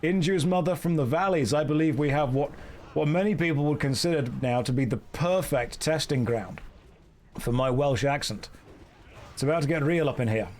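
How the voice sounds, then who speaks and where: Deadpan British man in received pronunciation. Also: a little high, moderate pace. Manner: dry, deadpan joking. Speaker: streamer. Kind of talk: casual chat while streaming a game.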